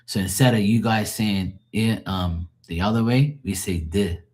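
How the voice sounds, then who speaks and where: A man's voice: fairly low pitch, a little slow, a little mellow. A man hosting a live stream, chatting loosely with viewers, casual and explanatory, swearing now and then. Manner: loose, chatty, explaining language differences to chat; swears casually, laughs easily.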